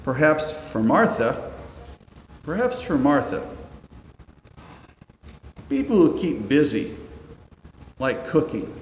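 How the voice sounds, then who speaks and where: Man in his fifties, pastor delivering a casual sermon with dry asides; a touch higher-pitched, recorded in a reverberant church sanctuary with faint ambience. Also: lively intonation, takes it slowly, pauses often, darkish tone, a little hiss or hum. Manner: conversational, wry asides, rhetorical questions. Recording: roomy echoing hall, faint ambience.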